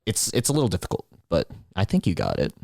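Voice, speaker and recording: A man with a low voice plays a tabletop game in character, earnest and rambling. His pitch swings about a lot, and the sound is dry and close. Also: wildly swooping pitch, fast talker, creaky, a little mellow, no echo. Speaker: player.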